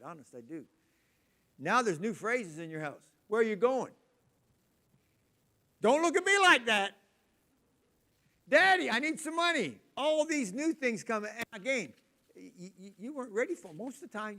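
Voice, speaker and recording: A man in his sixties preaching a sermon, telling loud, animated family stories. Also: a little high. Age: 60s.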